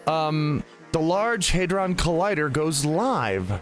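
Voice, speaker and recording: A man's voice: on the high side, expressive, takes it slowly, soft background music. A man hosting a casual podcast, chatty and rambling, often laughing and restarting his sentences. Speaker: podcast host.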